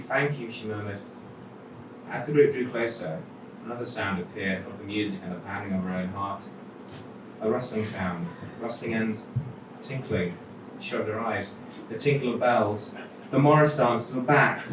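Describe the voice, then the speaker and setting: A man with a Welsh accent reading his own short story aloud at a live literature event, with wry conversational asides. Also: fairly low pitch. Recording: echoey hall, mic from far off, noisy.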